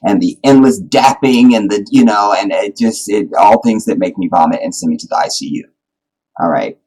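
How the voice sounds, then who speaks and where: A man hosting a casual livestream, talking in an animated, rambling, joking way. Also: fairly low pitch, moderate pace, low-quality recording. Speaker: livestream host.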